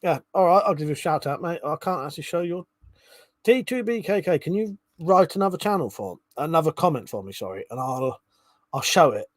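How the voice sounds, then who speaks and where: A man's voice: a little high, expressive, a little fast, dry recording. A man hosting a casual livestream, reading viewers' comments aloud, chuckling and swearing freely. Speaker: livestream host reading chat. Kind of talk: casual chat.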